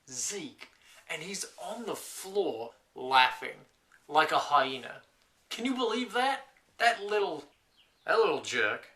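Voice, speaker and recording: A man's voice: mid-range voice, bright, forceful tone. A young man playing a lonely last man on earth, telling wry rambling stories to camera in a scripted comedy monologue.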